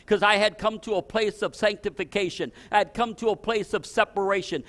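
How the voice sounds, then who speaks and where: An older pastor delivers a storytelling sermon with animation, often restarting his sentences and rising into exclamations. His voice is high-pitched.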